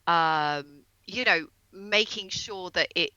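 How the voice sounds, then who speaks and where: Woman guest, bright, earnest explainer, lo-fi mic. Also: on the low side, clean tone, no echo. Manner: explains earnestly, slows down on key terms. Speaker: astrologer guest on a comedy podcast. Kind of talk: casual podcast conversation.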